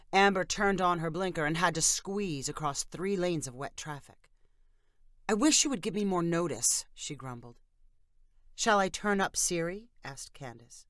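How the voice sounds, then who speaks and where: A woman's voice: on the low side, a bit bright, no room sound, studio quality. A woman reading a short story aloud, giving the friends and the phone assistant lightly varied voices. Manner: reads all characters in a lightly varied voice. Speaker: narrator. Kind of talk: scripted story narration.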